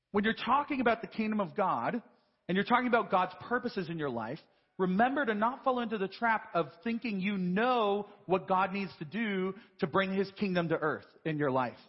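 A man's voice: high-pitched, husky, in a large hall, highs cut off. A man preaching a sermon as pastor, in a conversational style full of rhetorical questions and "right?" asides. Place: church sanctuary.

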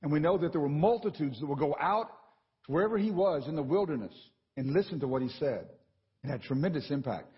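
A man preaching a sermon in a church, animated and conversational, often checking in with the congregation. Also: a little high, fast, big-room sound, highs cut off. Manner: animated and conversational, with frequent "right?" asides.

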